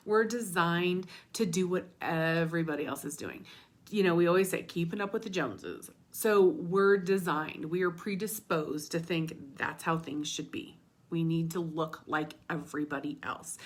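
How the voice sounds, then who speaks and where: A woman coaching listeners in a casual motivational talk, candid and a little profane, sometimes dropping to a whisper for emphasis. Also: on the low side. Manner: candid, casual, mild swearing, drops into whispers. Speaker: self-help coach.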